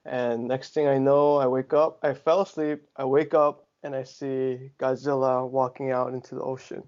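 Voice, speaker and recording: A man's voice: mid-range voice, flat delivery, normal speed, a little mellow. A man on a podcast telling a story in casual chat, laughing often. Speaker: podcast co-host. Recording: dull lo-fi sound.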